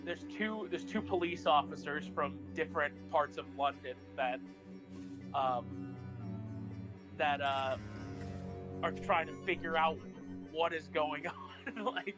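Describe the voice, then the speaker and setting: A man's voice: a little high, slow pace, pauses often, music in the background. A man chatting casually on a live stream, telling stories with laughs. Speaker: theater actor and co-host.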